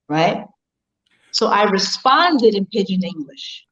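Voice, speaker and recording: A woman guest in an interview, telling stories in an animated, emphatic way with frequent rhetorical asides. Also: medium pitch, normal speed. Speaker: public relations professional, interview guest. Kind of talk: casual storytelling in an interview. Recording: dull lo-fi sound.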